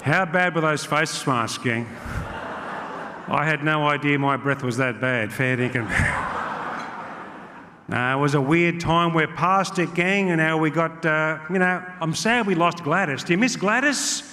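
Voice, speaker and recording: Brash Australian comedian working the crowd. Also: male voice, a little high, a little slow, pushed and bright. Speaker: stand-up comedian. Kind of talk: live stand-up comedy. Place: large club function hall. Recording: live hall with long reverb, faint crowd noise.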